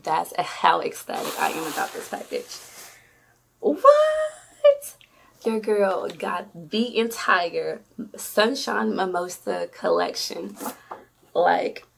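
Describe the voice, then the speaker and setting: Gushing woman with a gravelly edge. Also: fairly low pitch, slow pace, noisy background. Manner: effusive, squeals with delight, chatty. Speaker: beauty vlogger. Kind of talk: excited unboxing vlog.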